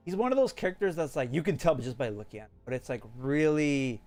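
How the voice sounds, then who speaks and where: A man reviewing anime in a casual, rambling monologue, full of fillers and restarts, his pitch swinging up and down as he talks. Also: sing-song, fast talker, hardly any pauses, soft background music.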